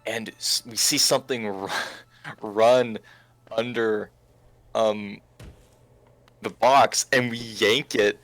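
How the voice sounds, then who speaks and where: A man's voice: on the low side, fairly even intonation, takes it slowly, pauses often, a bit bright, no room sound, soft background music. A young man in his twenties telling a funny story while playing a game, laughing often and stumbling over restarts and fillers. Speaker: game commentary co-host. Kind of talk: casual storytelling over gameplay. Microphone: remote call with screen share.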